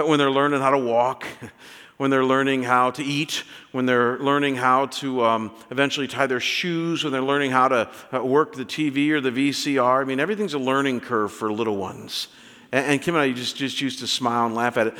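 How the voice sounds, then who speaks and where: A man in his fifties preaching a sermon, telling stories in an animated way with many restarts. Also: medium pitch, big-room sound. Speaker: pastor.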